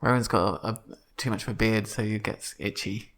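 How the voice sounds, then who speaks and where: A man's voice: lowish voice, brisk, fairly bright tone. A man co-hosting a comedy podcast, playful and teasing in casual chat. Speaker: podcast co-host.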